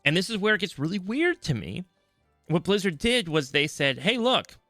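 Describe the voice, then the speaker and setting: Male podcast co-host, bright and forceful, ranting casual chat, dry close mic. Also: high voice, moderate pace, no room sound, faint music behind. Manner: animated, acts out other people's voices.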